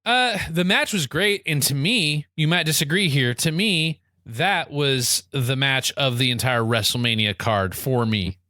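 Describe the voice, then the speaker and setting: A man co-hosting a podcast in loose, joking chat, spinning exaggerated stories with lots of restarts. His voice is bright and forceful, and the sound is close and dry. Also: mid-range voice, a little slow, few pauses, dry recording. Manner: rambling, exaggerated comic storytelling. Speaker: podcast co-host. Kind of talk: casual comedic chat.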